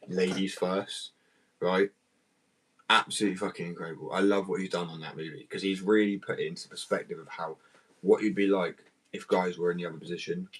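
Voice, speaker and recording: A man with a very low voice talks in a meandering, sweary, laid-back way, drifting off mid-thought as if slowed by a muscle relaxant. It is a casual vlog chat, with a faint hiss of background noise under the voice. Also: fairly bright tone, rough recording.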